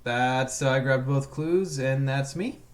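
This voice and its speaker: A man's voice: mid-range voice, a little slow. A man co-hosting a podcast, chatting in an easygoing, reflective way while playing a card game. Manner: easygoing, reflective, laughs easily. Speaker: podcast co-host. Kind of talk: casual game-play chat.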